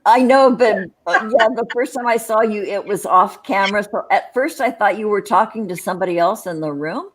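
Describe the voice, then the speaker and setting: A woman co-hosting a casual livestream chat show, rambling with many restarts and quick laughs. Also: mid-range voice, a little hiss or hum.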